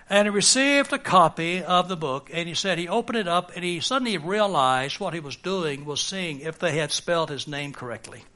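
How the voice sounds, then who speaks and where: A man's voice: high-pitched, bright, forceful tone. A man preaching a sermon on humility, earnest and rising to emphatic peaks. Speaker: pastor.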